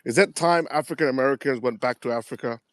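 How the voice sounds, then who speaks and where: A man's voice: mid-range voice, fast talker, no room sound. A man calling into a radio show who argues provocatively and talks over the host. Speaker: caller. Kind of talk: call-in radio talk.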